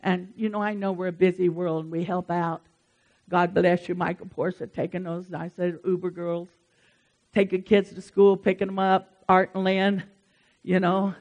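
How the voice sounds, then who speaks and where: A pastor delivers a sermon. The delivery is lively and emphatic, and the preacher turns often to address the congregation directly and warmly by name. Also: mid-range voice, moderate pace.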